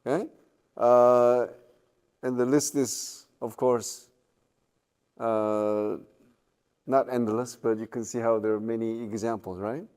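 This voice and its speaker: Slow-talking male lecturer. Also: mid-range voice, fairly even intonation, darkish tone, clean tone. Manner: slow, with many fillers and checking questions. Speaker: university lecturer. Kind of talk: classroom lecture. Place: lecture room.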